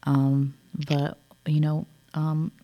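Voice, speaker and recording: Low, slow-spoken woman host. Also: level tone, lo-fi sound. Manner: hesitant, many fillers. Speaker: show host. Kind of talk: radio interview hosting.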